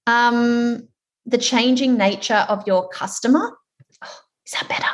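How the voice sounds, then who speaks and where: A woman with an Australian accent presenting an online workshop over a video call, chatty, encouraging and animated. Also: mid-range voice.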